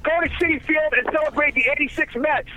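Man from northern New Jersey, caller, very high bright voice, rambly. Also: steady tone, fast, lo-fi sound. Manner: rambling, stumbling, repeats words. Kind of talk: phone-in greeting and plug.

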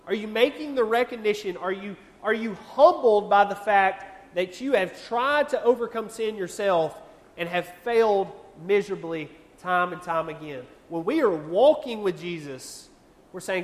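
A young man leads a youth sermon in a high, earnest voice. He talks to the room conversationally and presses his point with repeated questions. The sound carries a long reverb from a church hall. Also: lively intonation, unhurried. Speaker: youth pastor.

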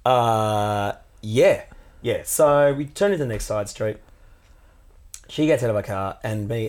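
A man who co-hosts a podcast, telling a story in casual chat and swearing now and then. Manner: animated, jumps into high put-on voices for quotes, swears casually. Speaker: podcast co-host.

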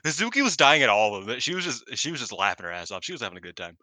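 A man co-hosting a podcast in casual chat, excited and laughing as he talks. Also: mid-range voice, racing, no room sound. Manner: excited, laughing, swearing freely. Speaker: podcast co-host.

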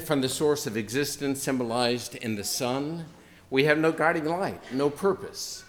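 A man's voice: medium pitch, measured pace. Earnest, reflective male preacher. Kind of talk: sermon.

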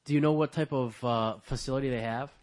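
A man's voice: medium pitch, fairly even intonation, quick pace, a crowd in the background. A man hosting a casual podcast chat, laid-back and joking as he leads the segments. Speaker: podcast host.

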